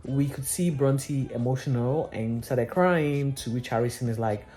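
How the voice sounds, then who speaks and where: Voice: mid-range voice, unhurried, few pauses, dark tone, soft background music. A vlogger giving a chatty, gossipy recap of a reality TV episode, who keeps saying "literally".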